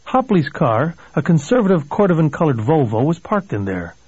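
Male audiobook narrator, husky, measured, dry muffled recording. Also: on the high side, no echo. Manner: measured, steady storytelling. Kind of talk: audiobook reading.

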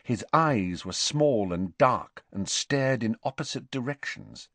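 A man narrating an audiobook in a measured, expressive storytelling voice. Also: mid-range voice, creaky, no echo. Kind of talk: scripted narration.

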